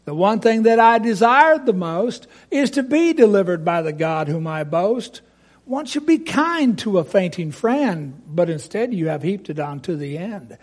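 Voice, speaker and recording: A man voicing Job, anguished and pleading. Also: sits high. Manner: rhymed lament, pleading.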